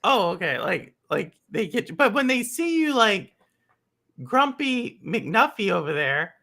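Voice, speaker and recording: A woman hosting a casual chat, reacting with expressive exclamations and teasing her guest. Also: mid-range voice, measured pace, gravelly. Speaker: host.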